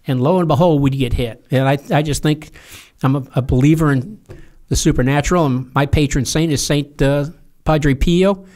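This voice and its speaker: A man's voice: on the high side, normal speed, a little mellow. Older veteran man recalling, reflective. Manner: reflective, plainspoken, with hesitations. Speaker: guest, veteran helicopter pilot. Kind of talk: casual interview storytelling.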